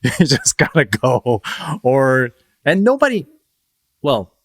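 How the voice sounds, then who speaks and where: A man's voice: mid-range voice, sing-song, slow pace, no echo, clean studio sound. A man from Northern Virginia, a podcast guest in casual conversation, rambling, laughing often and acting out quoted voices.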